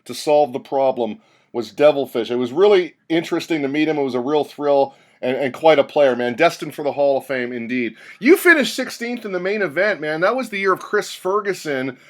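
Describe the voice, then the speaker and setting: A man's voice: a little high, fairly quick. A man hosting an interview, asking questions and telling anecdotes in a conversational way. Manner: conversational, storytelling. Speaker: interviewer host.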